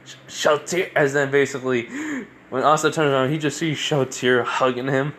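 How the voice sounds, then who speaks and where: A man's voice: medium pitch, fairly even intonation, fairly quick, a bit bright, a little hiss or hum. A man casually improvising a fan story, rambling and restarting his sentences often. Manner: rambling, many fillers and restarts.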